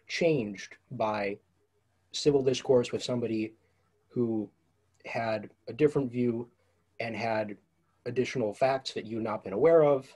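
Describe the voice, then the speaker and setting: A man's voice: medium pitch, a little mellow, breathy edge. A young man moderating a student podcast, posing long, carefully phrased questions. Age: young adult. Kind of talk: casual podcast discussion.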